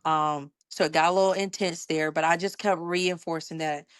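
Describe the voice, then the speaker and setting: Woman, middle-aged, podcast guest, expressive storytelling, dry close sound. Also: low voice, moderate pace, clean tone, dry recording. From Georgia, US. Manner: animated, acts out quoted dialogue, laughs while telling. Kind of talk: conversational storytelling.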